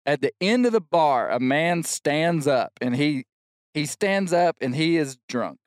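A middle-aged man on a podcast telling a long funny story, animated and shouting out the lines he quotes. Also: a little high, unhurried, clean tone, no room sound, clean studio sound. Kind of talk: casual storytelling chat.

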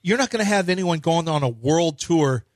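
A man's voice: a little high, animated, normal speed, no echo. Opinionated sports radio man, dry sound. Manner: opinionated, rambling, emphatic. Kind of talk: sports talk radio chat.

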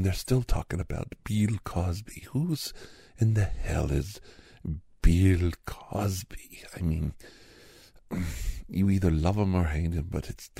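A man doing a satirical character monologue in a sarcastic, mock-cheerful, rambling way with hushed asides. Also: low voice, creaky, slightly rough, no room sound, studio quality.

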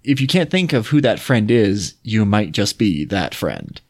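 A man narrates a fairy tale in an even, expressive voice. In conversation he turns chatty and relaxed, often restarting his sentences. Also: fairly low pitch, unhurried. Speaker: podcast host and reader. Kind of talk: expressive story reading, then casual chat.

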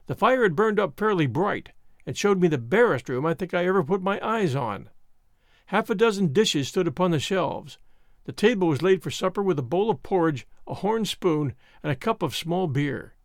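A man narrating an audiobook at a measured pace in scripted storytelling. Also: high voice, expressive, no room sound, clean studio sound. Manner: measured storytelling, voicing the characters.

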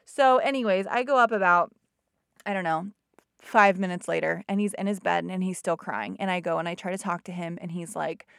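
A woman's voice: fairly low pitch, fairly quick, vocal fry, a bit bright, clean tone, no room sound, clean studio sound. A woman, a mother, chatting casually to her audience, retelling a family story with many "like" fillers.

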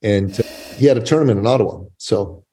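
Warm-voiced male storyteller, emphatic. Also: fairly low pitch, fast talker, a little hiss or hum. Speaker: guest, business coach and author. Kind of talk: storytelling in a podcast interview.

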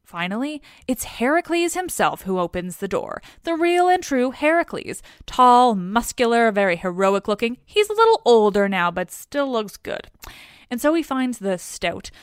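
A woman's voice: medium pitch, sing-song, unhurried, smooth, dry recording, clean studio sound. A woman retelling a story in a chatty, casual way with wry asides.

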